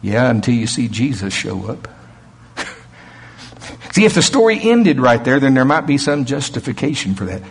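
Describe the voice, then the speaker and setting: A man's voice: medium pitch, big pitch swings, moderate pace, gravelly, pauses often, a little hiss or hum. A man preaching a sermon, emphatic and chuckling often.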